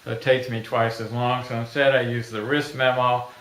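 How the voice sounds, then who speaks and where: A middle-aged man pitching his own invention in a plain, folksy way, acting out little everyday scenes. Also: little pitch movement, normal speed, a bit bright. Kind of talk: product pitch video. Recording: echoey room.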